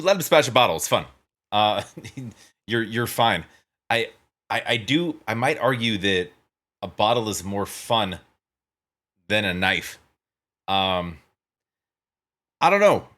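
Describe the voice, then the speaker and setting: A man's voice: lowish voice, animated, unhurried, long pauses, a bit bright. A man hosting a reaction video, chatting casually and laughing through joking asides.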